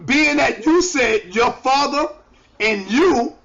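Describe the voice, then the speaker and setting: A man hosting and moderating a debate, asking measured questions. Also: very high voice, lively intonation, vocal fry, a bit bright. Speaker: host. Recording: lo-fi with crowd behind.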